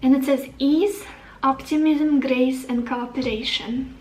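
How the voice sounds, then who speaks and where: A woman's voice: sits high, steady tone, unhurried, a little mellow, echoey room, recorded from a distance, rough recording. A woman giving a tarot reading to the camera, upbeat and encouraging, thinking aloud as she turns over cards. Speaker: tarot reader.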